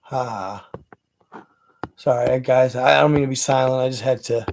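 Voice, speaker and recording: Hosting a casual livestream, a man rambles animatedly through a personal story, full of fillers and restarts. His medium-pitched voice carries vocal fry and keeps a measured pace.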